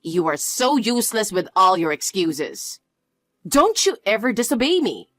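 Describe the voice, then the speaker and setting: A woman voicing a harsh, scornful mother-in-law who talks in a slow, cold, cutting way. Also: mid-range voice, very animated, a bit bright, no echo. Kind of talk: dramatized story dialogue.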